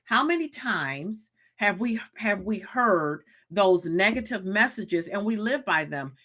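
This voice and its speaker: A woman's voice: mid-range voice, expressive, slow pace, a bit bright. A woman hosting a motivational live stream, speaking in a preachy way, repeating her questions and reading chat comments aloud.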